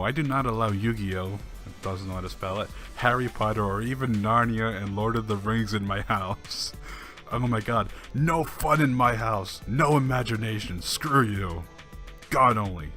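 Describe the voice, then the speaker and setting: An online commentator with a fairly low voice reads forum posts aloud and responds with dry, sarcastic remarks. He chuckles occasionally between quotes, with soft music playing underneath.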